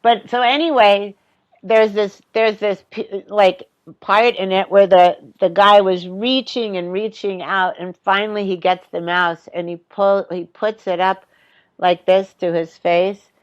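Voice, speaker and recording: Animated woman telling stories, slightly dull sound. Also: mid-range voice, a little slow. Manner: animated storyteller, acts out quoted voices, swears, laughs. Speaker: podcast guest. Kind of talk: casual chat.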